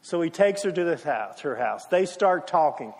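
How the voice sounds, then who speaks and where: A man's voice: on the high side, expressive, normal speed, creaky, in a large hall. A man preaching a sermon, telling stories with emphatic rises and dramatic retellings. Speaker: pastor.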